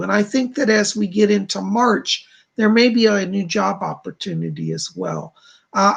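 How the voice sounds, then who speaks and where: A man with a deeply gravelly, fry-laden voice and a husky, breathy edge gives psychic readings on a live stream. He speaks softly and reassuringly, reading viewers' messages aloud before answering them. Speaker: psychic medium.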